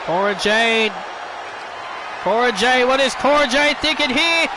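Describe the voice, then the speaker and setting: High-voiced male game commentator, slow-paced, excitable wrestling play-by-play, sarcastic streak, arena crowd and game noise behind. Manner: excitable, shouts and yelps at big moves; sarcastic asides and laughs at game glitches.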